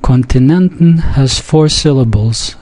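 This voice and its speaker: A man leads a pronunciation lesson at a slow, unhurried pace. His voice is mellow and dark, and he repeats each word with care, pausing and sometimes restarting a phrase. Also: medium pitch, rough recording. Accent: speaks a Yiddish dialect. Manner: deliberate, repeats words slowly, with pauses and small restarts. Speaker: language teacher.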